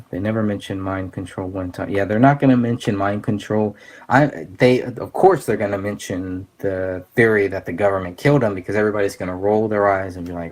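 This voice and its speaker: Male host, lowish voice, earnest and halting, casual commentary, thinks aloud with pauses. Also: steady tone, a little mellow. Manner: halting, many fillers and restarts, earnest. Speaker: podcast host.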